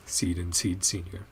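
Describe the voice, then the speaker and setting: A man hosting a game reaction video, talking in low, rambling, emotional asides with sighs. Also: slight background noise. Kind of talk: casual game reaction commentary.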